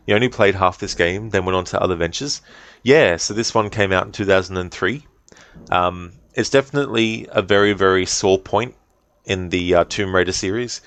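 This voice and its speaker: A man's voice: sits low, moderate pace, a bit bright, no echo. An Australian man chatting casually and rambling in a friendly way with viewers as a game streamer. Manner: rambling, friendly chat with fillers. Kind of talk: casual live-stream chat.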